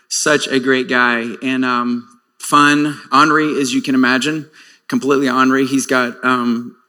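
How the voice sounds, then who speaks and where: Man, forties, earnest testimony sermon; bright tone, reverberant hall. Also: medium pitch. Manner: earnest and reflective, with many fillers and restarts. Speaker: speaker sharing a personal testimony. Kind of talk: sermon-style personal testimony.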